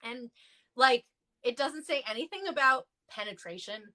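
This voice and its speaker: A clergy guest in a livestream discussion talks at a moderate pace, her voice expressive, pushed and bright. Chatty and casual, she fills her stories with fillers and mimics quoted voices by jumping in pitch.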